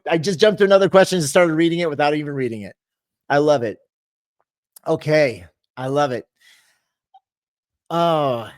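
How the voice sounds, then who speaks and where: A middle-aged man, a fitness coach, hosts a live Q&A, reading viewer comments in an upbeat, encouraging way with many restarts. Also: a little high.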